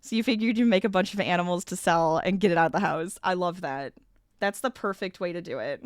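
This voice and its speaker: A woman's voice: on the low side, a little fast, dry recording. A woman hosts a casual crafting livestream and chats with her viewers while she works. Her voice is a little scratchy as she recovers from being sick. The sound is dry and close to the mic. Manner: chatty, reads chat aloud, laughs often. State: slightly scratchy voice, recovering from illness. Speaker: streamer.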